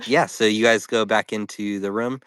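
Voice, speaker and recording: A man with a deep, low voice narrates a tabletop game as dungeon master. He slips into character quotes and laughs between lines. The sound is dry and close. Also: steady tone, normal speed, a bit bright, clean tone, no echo.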